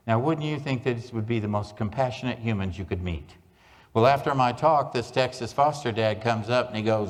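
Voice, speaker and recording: A folksy man delivers a humorous keynote and spins joke after joke at a mid pitch. His voice rings with the long reverb of a large conference hall. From Oklahoma, USA. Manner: folksy joke-telling storyteller. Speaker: keynote speaker.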